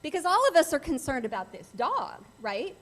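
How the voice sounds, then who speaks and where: A woman's voice: high-pitched, very animated, moderate pace, a bit bright. A middle-aged woman giving an earnest, emphatic talk to a club as a guest speaker on cybercrime, often repeating phrases for stress.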